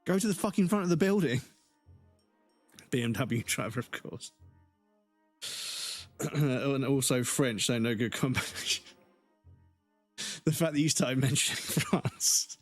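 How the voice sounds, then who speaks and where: A man's voice: medium pitch, lively intonation, slow, pauses often, no room sound, faint music behind. Swearing, laughing male game streamer. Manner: swears freely, laughs often, rambling asides. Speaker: livestreamer playing a video game. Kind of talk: casual gameplay livestream chat.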